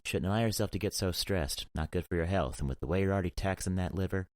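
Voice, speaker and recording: A man's voice: low-pitched, quick pace, no echo, studio quality, voice pushed up, lightly acted. A man voicing a stubborn, fiery young woman in an audiobook, with a sing-song, biting way of talking. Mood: teasing. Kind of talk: audiobook character voice.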